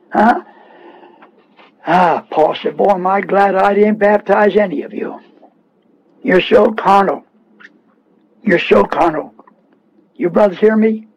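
Through dull, muffled broadcast audio, a radio preacher with a high, husky voice delivers his sermon. He repeats his points and scolds his listeners with fervent insistence.

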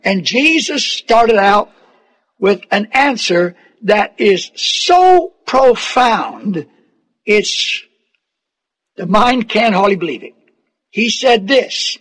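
Slow, deliberate high-voiced male preacher. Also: lively intonation, a bit bright. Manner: slow, deliberate, emphatic preaching with rhetorical questions. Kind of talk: sermon.

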